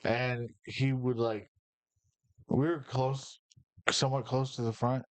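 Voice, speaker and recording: A Michigan man hosts a casual podcast, telling rambling personal stories in a profane, fired-up way. His medium-pitched voice is flat and slow, with no room sound.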